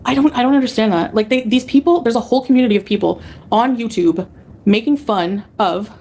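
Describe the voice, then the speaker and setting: A woman's voice: a little high, a little fast, darkish tone. Angry profane woman livestreamer ranting. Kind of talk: livestream rant at chat.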